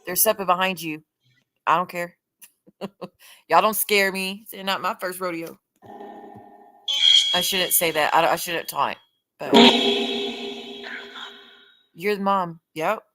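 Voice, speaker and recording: A woman's voice: lowish voice, slow pace, long pauses, bright, forceful tone, long reverb tail, soft background music, poor audio. A woman hosting a paranormal livestream, chatting casually and passing along what she hears from spirits to her viewers. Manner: chatty, relays spirit messages to viewers, addresses them as y'all.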